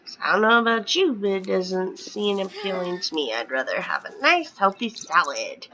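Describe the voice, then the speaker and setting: A woman's voice: medium pitch, sing-song, normal speed, pushed and bright, faint music behind, poor audio. A woman in her thirties chatting casually at home while playing a life-sim game, often dropping into a whisper. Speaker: gaming vlogger. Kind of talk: casual gameplay commentary.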